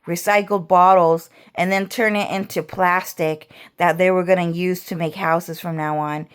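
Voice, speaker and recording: A woman's voice: lowish voice, fairly even intonation, normal speed, clear, resonant tone. A woman vlogger ranting casually, rambling and swearing as she repeats herself. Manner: rambling, profane, repetitive.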